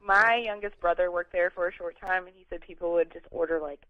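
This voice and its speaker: A woman's voice: fairly low pitch, fairly even intonation, a little fast, no room sound, muffled recording. A woman, co-hosting a casual morning radio show with friendly, easygoing talk. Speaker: radio co-host. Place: radio studio.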